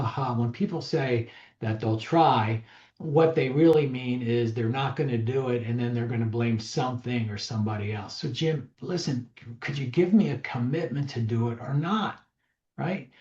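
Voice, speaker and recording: A male real estate trainer talking to a live audience in a medium-pitched, emphatic, conversational way. The sound is roomy and a little dull, as from a room recording. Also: darkish tone. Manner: emphatic, conversational, acts out dialogues. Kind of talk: seminar talk to a live audience.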